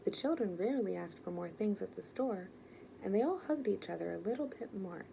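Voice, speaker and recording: A woman reads a children's storybook aloud in a gentle, expressive way. Her voice is mellow and darker in tone, with a slightly gravelly edge. Her pitch sits in the middle. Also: a little fast, a little hiss or hum, low-quality recording. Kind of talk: reading a children's picture book aloud.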